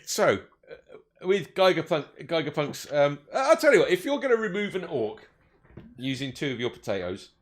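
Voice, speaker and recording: A male game master runs a tabletop session in a jokey, casual way, laughing often. His voice is fairly high for a man and swings widely in pitch. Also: big pitch swings, normal speed.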